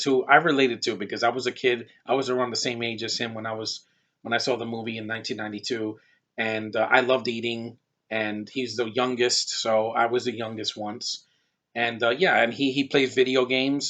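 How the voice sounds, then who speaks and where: A man's voice: mid-range voice, fairly bright tone. A man in his thirties giving a rambling, casual movie review, jumping from one aside to the next. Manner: rambling, digressive. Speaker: film reviewer. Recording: dull lo-fi recording.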